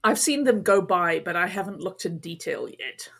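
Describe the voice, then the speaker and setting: A woman's voice: on the low side, animated, moderate pace, vocal fry. A woman co-hosting a casual podcast discussion who chimes in with a playful, teasing manner. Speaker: podcast co-host.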